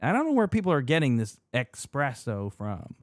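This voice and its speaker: A man co-hosting a podcast in casual chat, animated, laughing as he rants, fussy about pronunciation. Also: on the high side, quick pace, dry recording, clean studio sound. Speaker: podcast co-host.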